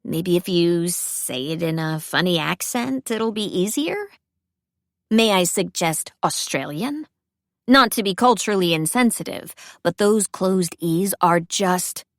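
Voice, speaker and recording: A woman's voice: on the low side, animated, unhurried, no room sound, studio quality. A woman voicing a playful, chaotic young woman roommate in an audiobook, teasing and bubbly. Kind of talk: audiobook character voice.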